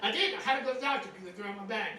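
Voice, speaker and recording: A man's voice: sits high, racing, noisy background. A man in his fifties doing a stand-up comedy set, teasing the crowd in a conversational way. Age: 50s. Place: cruise ship show lounge. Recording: echoey room mic, caught from far off. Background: audience laughter.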